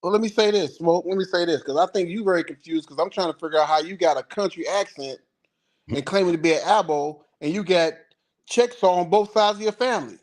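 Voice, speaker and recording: A man's voice: high-pitched, quick pace. A man from the northern United States, pressing an opponent with repeated questions in a heated online debate.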